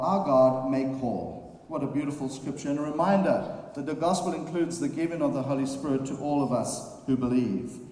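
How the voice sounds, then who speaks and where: A man preaching a sermon, reading scripture aloud at an unhurried pace with filler pauses. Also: on the high side, dark tone. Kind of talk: sermon summary. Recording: very echoey hall.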